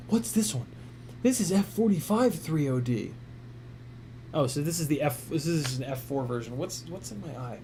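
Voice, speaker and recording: A man's voice: mid-range voice, big pitch swings, a little slow, a little mellow, slight background noise. A man hosting a casual livestream, rambling, swearing and laughing at his own jokes. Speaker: streamer.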